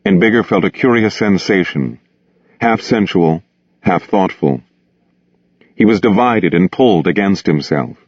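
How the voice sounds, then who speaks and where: A man narrating a novel aloud in a steady, measured, grave manner. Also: sits low, slightly rough, dry recording. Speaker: audiobook reader. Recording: dull, dry close recording.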